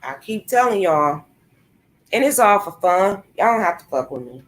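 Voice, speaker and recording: Her pitch is medium but swings widely, and she talks at a moderate pace. This young woman is filming a confrontational rant, swearing at and taunting the person she's calling out.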